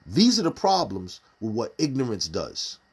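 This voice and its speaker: A man's voice: mid-range voice, wildly swooping pitch, normal speed, husky. A man giving casual live-stream commentary, firing off rhetorical questions in street slang. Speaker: community commentator.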